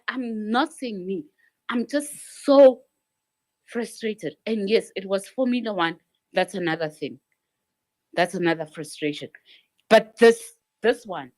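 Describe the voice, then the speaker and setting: A woman speaking up in a live audio chat room, frustrated and pleading, often repeating herself. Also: fairly high pitch. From South Africa. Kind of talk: emotional spontaneous speech.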